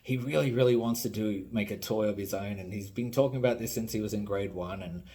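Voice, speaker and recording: A man's voice: lowish voice, fast talker, dark tone, natural voice. An Australian man voicing a chatty wife who eagerly asks for a favour on her husband's behalf. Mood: pleading.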